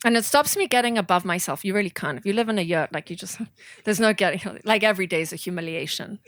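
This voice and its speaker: Woman author at a bookstore Q&A, mid-pitched, lively and self-mocking, dry close sound. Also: quick pace, dry recording. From southern Africa. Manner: animated, self-deprecating, laughs often. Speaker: author speaking at a bookstore event. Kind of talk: storytelling in an audience Q&A.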